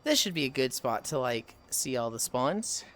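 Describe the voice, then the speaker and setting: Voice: mid-range voice, big pitch swings, moderate pace, fairly bright tone, a little hiss or hum. A livestreamer chatting casually over a fishing game, swearing freely and sighing often between remarks. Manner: profane, sighs often, chatty. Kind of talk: casual gaming commentary.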